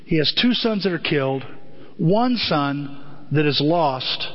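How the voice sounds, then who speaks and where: A man preaching a sermon as a pastor, telling stories in an earnest, conversational way and often repeating himself. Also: a little high. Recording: dull echoey hall recording.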